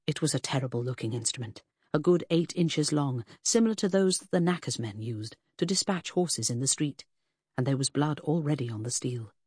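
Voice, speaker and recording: An audiobook narrator reads a first-person mystery with dramatic expression. The voice is slightly husky and moves widely in pitch, recorded close and dry. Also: darkish tone, no echo.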